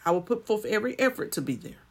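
A woman's voice: medium pitch, sing-song, fast talker, breathy edge. A woman preaching a sermon and telling a personal story, building to emphatic swells.

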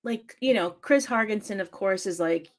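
A woman in casual conversation about a film, animated and laughing, acting out lines as she retells scenes. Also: medium pitch, normal speed.

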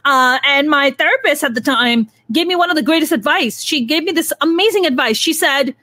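High-voiced woman host, blunt and candid. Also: expressive, fairly quick, bright, forceful tone, no echo. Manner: blunt and emotional, swears freely. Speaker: podcast host. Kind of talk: candid conversational interview.

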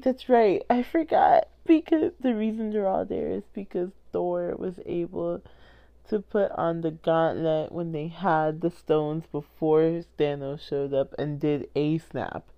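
A woman's voice: lowish voice, clear, resonant tone, dull audio. A young woman giving a casual, rambling movie recap, full of "like" and restarts and often laughing. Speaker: movie reviewer.

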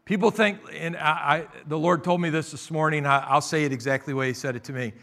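A male pastor preaching a sermon, calling out for amens and moving between loud emphatic bursts and quieter asides. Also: a little high, fairly even intonation, fast talker, vocal fry.

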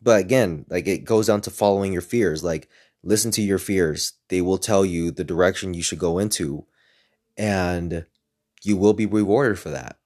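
A man's voice: sits low, normal speed. Rambling, profane young man telling stories. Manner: rambling, profane, animated when retelling. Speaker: speaker sharing personal stories. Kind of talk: casual storytelling monologue.

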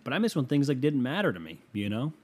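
A man's voice: mid-range voice, sing-song, quick pace, darkish tone. A young man hosting a podcast from his bedroom, talking in a rambling, profane, self-mocking monologue. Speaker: podcast host. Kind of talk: casual solo podcast monologue.

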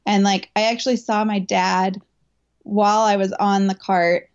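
A woman's voice: medium pitch, level tone, normal speed, smooth. A woman athlete tells her story in an interview, chatty and candid, with lots of fillers and restarts. Her voice sits in a middle range. The sound is dull and lo-fi, like remote audio. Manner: chatty, filler-heavy, emotional retelling. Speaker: elite marathon runner and coach.

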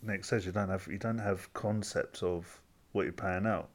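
A man's voice: deep voice, steady tone, moderate pace. A man co-hosting a casual podcast chat. He rambles and hesitates, often restarting his sentences. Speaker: podcast co-host.

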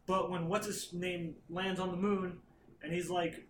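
A man's voice: sits high, level tone, a little slow, a bit bright, slight background noise. A man on a podcast casually recapping a comic plot, rambling and swearing, acting out characters' lines. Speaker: podcast co-host. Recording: roomy echo.

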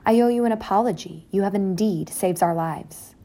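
A woman voicing a stern, bossy mother mouse who speaks briskly and sharply. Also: mid-range voice, warm tone, lightly acted.

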